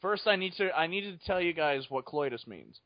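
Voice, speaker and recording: A man's voice: a little high, lively intonation, a little fast, lo-fi sound, slight background noise. A man co-hosting a podcast, giggling as he jokes crudely. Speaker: podcast co-host. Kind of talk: casual chat.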